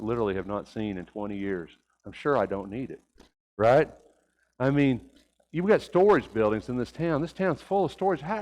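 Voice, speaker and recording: A man's voice: mid-range voice, a little mellow, low-quality recording. An older man preaching a Sunday sermon, telling folksy stories and rising to emphatic points.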